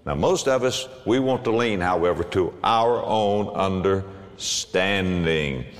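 A middle-aged male pastor preaching a sermon, swinging from low, quiet asides to loud, emphatic exclamations. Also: takes it slowly, big-room sound.

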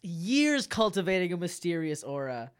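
A woman's voice: lowish voice, big pitch swings, moderate pace, clean tone. A woman hosting a podcast in casual chat, rambling and jokey with frequent restarts. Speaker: podcast host.

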